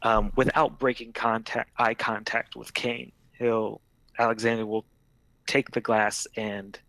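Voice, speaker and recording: A man's voice: medium pitch, little pitch movement, unhurried, gravelly, a bit bright, no echo, poor audio. A man playing a tabletop role-play game, describing his character's actions hesitantly with many fillers. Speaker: player. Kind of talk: narrating a tabletop audition game.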